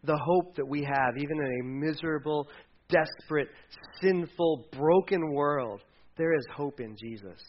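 A man's voice: a little high, unhurried. Man, pastor, casual sermon, playful character voices, dull lo-fi sound.

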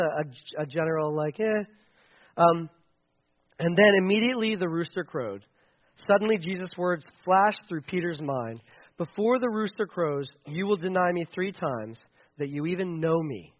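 A man preaching a sermon in a church, casual and animated, acting out the lines of scripture as he goes. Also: high-pitched, highs cut off. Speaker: pastor. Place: church building.

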